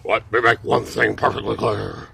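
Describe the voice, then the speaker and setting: A man doing an impression of a stern older male president, with a lowered, deliberate delivery. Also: fairly even intonation, creaky, sharp tone, a little hiss or hum, full character voice. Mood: solemn. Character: stern old male president making declarations.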